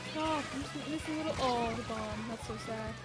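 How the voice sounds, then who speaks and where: A woman's voice: fairly high pitch, a little fast, loud music behind the voice. A young woman streaming a video game, giggling and chatting with her viewers in a bubbly way. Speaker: streamer playing a shooter game. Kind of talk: casual live-stream commentary.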